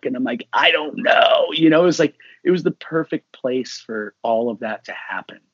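A husky-voiced middle-aged man recounts his story in an interview, full of energy and acting out the lines of others. The recording is dry and slightly dull, with a lo-fi edge. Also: mid-range voice, normal speed, no echo. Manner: animated, acts out quoted dialogue. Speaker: musician guest. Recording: dull lo-fi sound.

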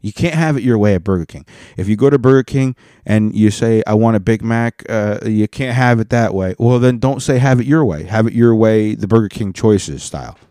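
A man's voice: on the low side, brisk, hardly any pauses, dark tone, no echo, clean studio sound. A man hosting a podcast, rambling profanely through a comedic rant and slipping into joke accents. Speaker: podcast host.

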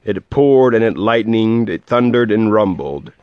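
A man reading a rhyming picture book aloud to a child, with a lively, sing-song delivery and soft asides. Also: on the low side, a little slow, clean tone, narrow, tinny audio.

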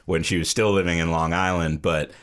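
Male guest, 30s, very deep rich voice, laid-back storyteller. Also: fairly quick. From Hudson Valley, New York. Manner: relaxed storytelling with dry humor. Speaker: podcast guest. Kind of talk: casual interview chat.

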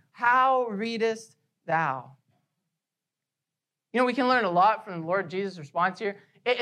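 A woman pastor preaching a sermon with emphasis, often repeating key phrases slowly. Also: on the high side, fairly bright tone.

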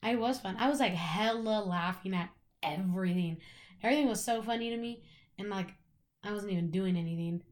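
A woman's voice: medium pitch, fairly quick. Chatty young woman telling a rambling story. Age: young adult. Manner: rambling storytelling, full of "like" and swearing. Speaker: podcast co-host. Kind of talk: casual chat.

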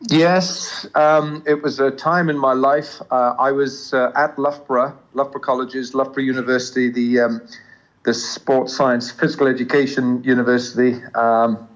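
An older man, a cricket commentator, talking earnestly in an interview, with a smooth English accent carrying traces of Southern African and many restarts. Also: medium pitch, level tone, normal speed, highs cut off. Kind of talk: interview conversation.

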